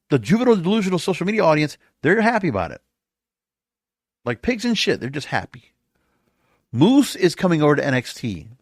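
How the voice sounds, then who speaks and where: Podcast host, male, fairly high voice, sarcastic and exasperated, dry close-miked sound. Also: dry recording. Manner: sarcastic, exasperated, rhetorical questions. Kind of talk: opinionated solo podcast rant.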